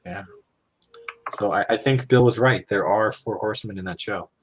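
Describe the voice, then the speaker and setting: A man's voice: on the low side, moderate pace. A man chatting casually while building, joking and rambling, a little self-conscious about what he says.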